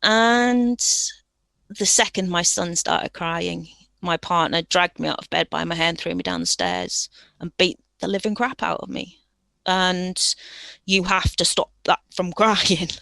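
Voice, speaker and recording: A woman's voice: lowish voice, very animated, a little slow, vocal fry, fairly bright tone, no room sound. A woman with a Durham accent, a guest telling her own story frankly in a podcast interview, from a room at home with rueful laughs now and then. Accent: Durham English.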